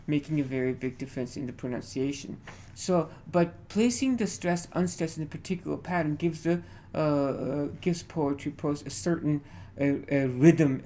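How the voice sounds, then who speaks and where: A man teaching a literature class, speaking haltingly and checking in with the students after nearly every point. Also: a little high, creaky, warm tone. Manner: hesitant, many fillers. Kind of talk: classroom lecture.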